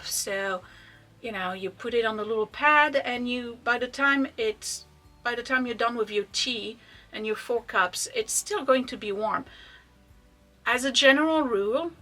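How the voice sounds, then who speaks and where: Bright, chatty woman showing vintage wares. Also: on the high side. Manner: chatty, enthusiastic, trails into soft asides. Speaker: online vintage shop owner. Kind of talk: casual product showcase.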